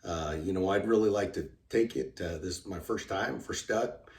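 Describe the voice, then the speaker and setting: A man's voice: sits low, normal speed. A man voicing an eager first-time duck hunter who asks politely and pleads. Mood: pleading. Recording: roomy sound from a distant mic.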